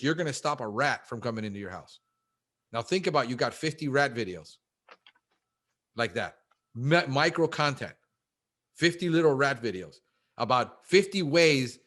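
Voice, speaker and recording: A man talking casually in an interview, animated and fast, acting out little quotes and calling the host bro. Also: medium pitch. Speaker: guest, pest control business owner.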